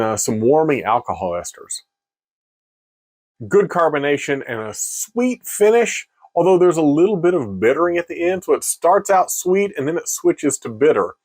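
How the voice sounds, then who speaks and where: Lively, self-mocking male beer reviewer. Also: on the high side, moderate pace. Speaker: beer reviewer, video host. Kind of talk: casual tasting review.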